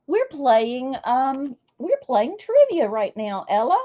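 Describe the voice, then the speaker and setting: A woman chats slowly through a livestream, greeting viewers by name and teasing herself. Her voice sits a bit high and moves around a lot. The sound is dull and lo-fi. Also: big pitch swings, mellow. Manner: chatty and self-deprecating, reads viewer names aloud. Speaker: livestream host. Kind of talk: casual livestream chat with viewers.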